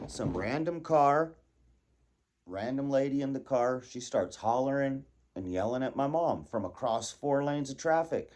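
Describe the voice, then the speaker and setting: A man telling a casual personal story, animated and laughing, acting out his own panicked thoughts. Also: medium pitch, measured pace.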